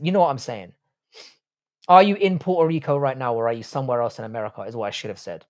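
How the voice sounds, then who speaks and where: A man's voice: medium pitch, a little mellow. Blunt British-accented man reading chat. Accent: British English. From Ireland, raised in England. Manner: crude, blunt, jokey banter with chat. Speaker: university professor. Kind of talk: casual live-stream chat.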